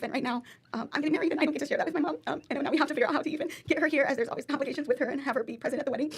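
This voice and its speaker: A woman's voice: high voice, very fast. A young woman from Texas, testifying at a hearing, earnest and emotional. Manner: earnest, rambling. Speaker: witness testifying at a legislative hearing. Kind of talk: public testimony.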